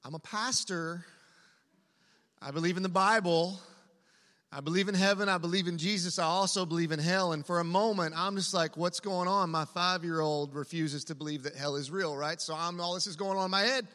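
A man's voice: high voice, brisk, sharp tone. A man preaching a sermon as pastor, telling a family story in an earnest, conversational way. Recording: long hall reverb.

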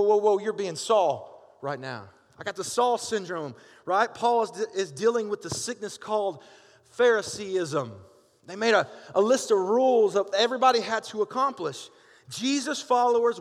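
A middle-aged man preaching a sermon, lively and conversational, calling out for amens from the congregation. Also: high voice. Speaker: pastor. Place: church sanctuary. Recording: long hall reverb.

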